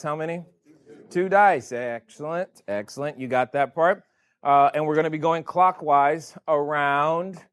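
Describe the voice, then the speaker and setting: Playful man teaching a live seminar. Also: a little high. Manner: playful, teasing the audience with questions. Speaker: real estate educator running a board game. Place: event room in front of a live audience.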